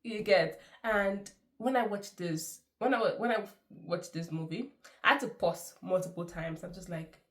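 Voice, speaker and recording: A woman's voice: lowish voice, moderate pace. A woman giving a chatty, effusive film review, laughing often. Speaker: movie reviewer. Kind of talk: casual movie review.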